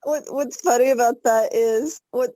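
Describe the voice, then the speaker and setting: Playful higher-voiced woman, dry sound. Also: steady tone, dark tone, no echo. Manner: playful teasing, quick reactions. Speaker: co-host. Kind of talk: casual podcast chat.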